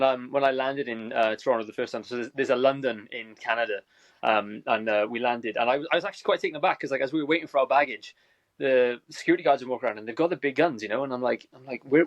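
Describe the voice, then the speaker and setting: A man with a Welsh accent from South Wales, a movie reviewer telling energetic stories as a guest on a video call. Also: mid-range voice, no echo. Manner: energetic storytelling. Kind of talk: casual chat.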